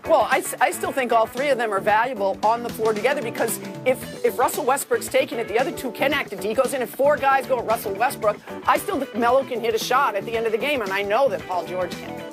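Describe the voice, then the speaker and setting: A woman's voice: a little high, quick pace. Woman on a sports panel throwing out stats, sure of herself, faint music in the back. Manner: stat-driven, assertive. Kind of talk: sports debate commentary.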